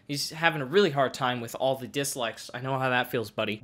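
A woman doing comedic YouTube commentary, reading out comments with profane, sarcastic, deadpan mockery. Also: extremely low pitch, a little fast, hardly any pauses.

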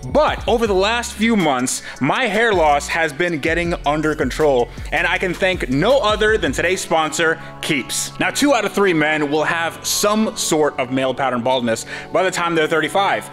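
A man in his thirties hosting a casual car-build video, animated and self-deprecating, with a sponsor read. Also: on the high side, normal speed, hardly any pauses, soft background music. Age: 30s. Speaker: host.

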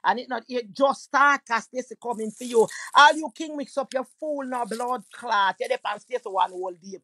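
A woman with a Jamaican accent delivering a loud, aggressive, profane diss rant full of mocking insults. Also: on the high side, moderate pace, husky, no echo. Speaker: social media personality. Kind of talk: angry diss rant to camera.

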